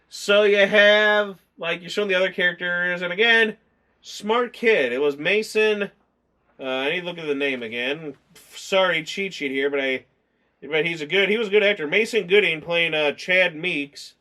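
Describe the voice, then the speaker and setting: A man hosting a casual movie review chat, rambling and animated, acting out scenes in quick character voices. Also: sits high. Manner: rambling, full of fillers.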